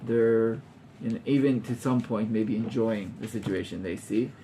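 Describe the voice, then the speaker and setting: A rabbi teaches an informal class, talking animatedly and acting out scenes with gasps while weaving in Hebrew terms. His voice is lowish, warm, and unhurried, with a little hiss or hum in the recording.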